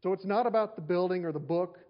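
A man's voice: sits high, fast talker, lo-fi sound. A man preaching a sermon to his congregation, repeating key phrases and asking the listeners rhetorical questions. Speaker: pastor.

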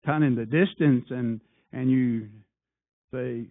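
A man preaching a sermon, firing off rhetorical questions and swinging between loud appeals and hushed asides. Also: mid-range voice, fairly even intonation, unhurried, gravelly. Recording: tinny phone-like sound.

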